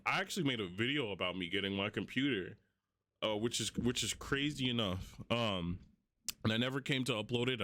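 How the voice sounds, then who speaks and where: A man's voice: mid-range voice, a bit bright, no room sound. A young man in a casual monologue, venting heatedly at a former friend with rambling, profane talk. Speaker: vlogger.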